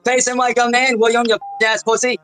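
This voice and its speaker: A man ranting angrily on a stream call, shouting profane insults and repeating himself. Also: very high-pitched, flat delivery, fairly quick, poor audio. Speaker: caller on a stream. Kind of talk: angry ranting.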